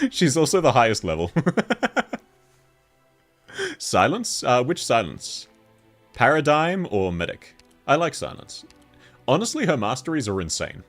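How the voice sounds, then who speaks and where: A man's voice: medium pitch, big pitch swings, unhurried, long pauses, fairly bright tone, faint music behind. A man with a cold, chatting casually on a livestream, reading chat and laughing often. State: sick with a cold. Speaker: VTuber streamer.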